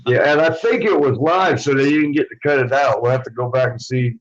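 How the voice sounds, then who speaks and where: A man's voice: mid-range voice, a little fast, dull audio. Rambling man telling wrestling stories. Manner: rambling, swears freely, acts out quotes of others. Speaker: interview guest, former wrestler. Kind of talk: casual storytelling.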